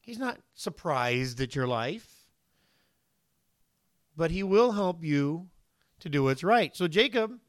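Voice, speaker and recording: A man preaching a sermon in an animated way, often putting questions to his listeners and briefly voicing the people in the story. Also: on the high side, slow pace, long pauses, no room sound, studio quality. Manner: animated, asks the listeners questions, voices the figures.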